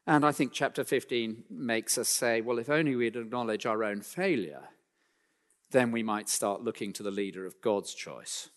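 A male preacher of middle pitch giving a sermon, his voice carrying a long reverb as if in a large church. He presses his points emphatically, rising and then sinking to a hushed close, and slips in dry, self-mocking asides. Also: normal speed. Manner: emphatic, builds in pitch and volume then drops low and quiet.

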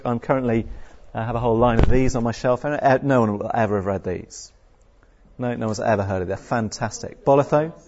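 A man from Britain preaches a sermon in a conversational, animated way. He talks in a middle register, stumbles over fillers and breaks into playful taunts. The recording sounds a little dull and muffled. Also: mid-range voice. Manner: lively, conversational, many fillers, mock-taunting asides.

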